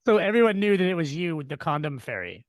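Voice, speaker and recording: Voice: mid-range voice, big pitch swings, fast, no room sound. A podcast host asking questions in a casual interview, talking loosely with fillers and trailing phrases.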